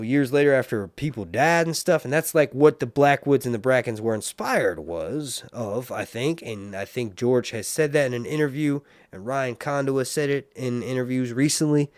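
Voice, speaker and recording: A man chats casually on a livestream, rambling and excitable. His voice sits in a middle pitch and the recording is dry and close, with no room sound. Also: dry recording. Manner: rambling, animated, mutters asides to himself. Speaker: livestream host reviewing a TV series.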